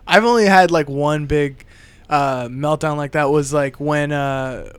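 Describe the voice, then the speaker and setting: A man, a comedian co-hosting a podcast, chatting casually and telling animated stories with loud acted-out quotes. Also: a little high, measured pace, clean tone, no echo. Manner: animated storytelling, acts out angry quotes loudly. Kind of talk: casual chat.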